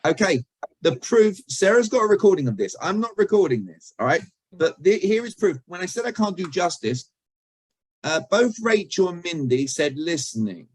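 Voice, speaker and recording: A man's voice: high-pitched, sing-song, normal speed, husky, no echo, low-quality recording. British-born man teaching a chatty video-call workshop. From Britain. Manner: chatty, jokey, asks the audience questions. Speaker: communication trainer. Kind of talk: interactive online workshop.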